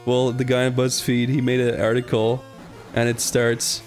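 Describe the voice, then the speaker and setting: A man's voice: mid-range voice, completely flat delivery, normal speed, faint music behind. A man in casual chat among friends, amused, telling a story and reading posts aloud. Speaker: lets play host.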